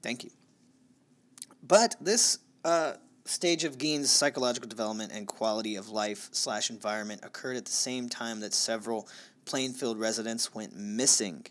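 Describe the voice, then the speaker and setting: A man's voice: fairly low pitch, moderate pace. A man co-hosting a true crime podcast, telling the story in a loose, profane, joking way. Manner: loose and profane, with dark jokes. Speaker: podcast co-host.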